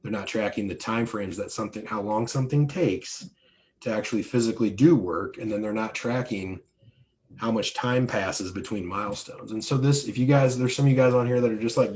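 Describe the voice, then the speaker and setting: A man's voice: lowish voice, brisk, a little mellow, slight background noise. A man coaching an online group in a conversational, emphatic way, with many fillers and restarts. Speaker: business coach. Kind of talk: live online coaching talk.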